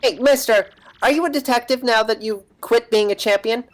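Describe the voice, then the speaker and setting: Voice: mid-range voice, normal speed, lightly acted. A streamer doing a bratty kid Bob-omb. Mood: eager. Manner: eager, teasing, childlike.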